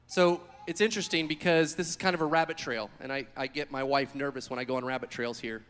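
A man preaching a sermon, telling the story with animated, acted-out quotes. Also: mid-range voice, fast, few pauses, clean tone, in a large hall. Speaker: pastor.

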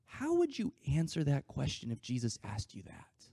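A man preaching a sermon, acting out scripture quotes in a conversational way and swinging between loud emphasis and quiet asides. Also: mid-range voice, huge pitch swings, normal speed, creaky, slightly rough, no echo. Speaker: pastor.

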